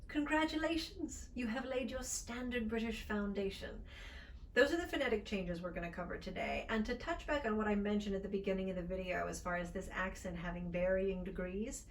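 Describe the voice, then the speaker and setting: A woman teaches an accent lesson as a speech coach, upbeat and encouraging. Her articulation is crisp and deliberate, and her voice sits at an ordinary middle pitch for a woman. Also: far from the mic, a little hiss or hum.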